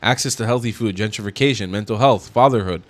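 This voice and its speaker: A man's voice: fairly low pitch, fast. A man giving indignant, mocking reaction commentary on video clips.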